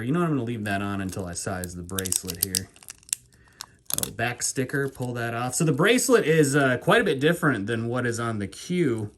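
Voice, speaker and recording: A man hosting a casual watch unboxing vlog, talking excitedly and breathlessly, rambling and poking fun at himself. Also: fairly low pitch, a little hiss or hum. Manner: excitable, rambling, self-mocking. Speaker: watch channel host.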